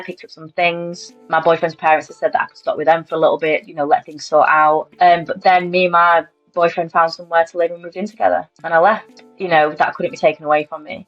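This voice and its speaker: A British woman in her thirties tells her own story in a candid, matter-of-fact interview, her voice sitting on the lower side. The audio is a little dull and lo-fi, with faint music underneath. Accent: British English. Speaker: interview guest.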